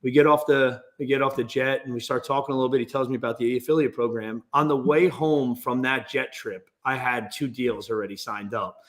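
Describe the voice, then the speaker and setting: Guy on a podcast telling a story, all fired up, mid pitch, can't sit still. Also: brisk, few pauses. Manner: animated, restless storyteller. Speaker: guest business owner. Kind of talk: casual storytelling interview.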